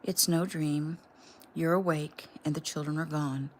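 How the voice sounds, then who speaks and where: A woman reading the lines of a calm, firm male rescuer in a low, steady voice. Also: unhurried.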